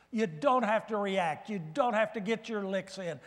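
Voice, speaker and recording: A man preaching a guest sermon in a church, animated and swinging from loud bursts to hushed asides. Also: sits high, normal speed, hardly any pauses. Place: church sanctuary. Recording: reverberant church hall.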